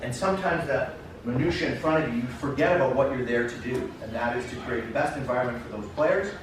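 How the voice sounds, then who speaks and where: A man from Canada gives a keynote talk to coaches, telling stories from his career. He is heard from a distance, in a very echoey conference room with steady background noise. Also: medium pitch, fast. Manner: storytelling, acts out dialogue, addresses audience directly. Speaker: keynote speaker, soccer coach. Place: conference classroom.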